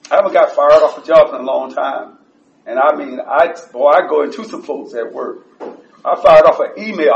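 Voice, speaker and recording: A man with a gravelly, somewhat high voice gives a blunt, profane share at a support meeting. His voice climbs when he gets worked up. He sounds distant and a little dull in an echoey room. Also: slight background noise. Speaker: recovery group member sharing.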